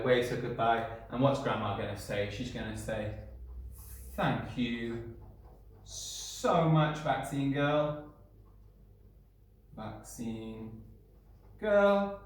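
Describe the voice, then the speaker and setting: A male primary school teacher gives a recorded lesson to young children. He is friendly and encouraging, talks them through each step as he works and checks in with them often. His medium-pitched voice rings around a very echoey room.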